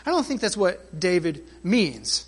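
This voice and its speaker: A man preaching a sermon as pastor, emphatic, stretching and swelling key phrases, then dropping to quiet asides. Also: high-pitched, big pitch swings, unhurried, breathy edge.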